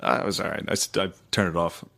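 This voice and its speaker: Man, podcast co-host, lowish voice, dry blunt remarks, swearing. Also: quick pace, creaky, fairly bright tone. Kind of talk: casual podcast chat.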